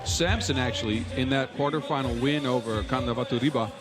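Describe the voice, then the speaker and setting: A man giving color commentary at a basketball event, in a relaxed, agreeable, conversational way. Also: mid-range voice, fairly quick. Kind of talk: sports commentary.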